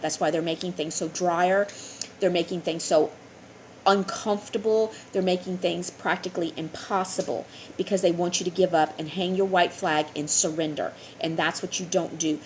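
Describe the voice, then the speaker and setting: A woman's voice: fairly low pitch, slight background noise. A woman teaching a spiritual class, talking earnestly and often checking in with her listeners. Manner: earnest, keeps asking "okay?". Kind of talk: informal spiritual lesson.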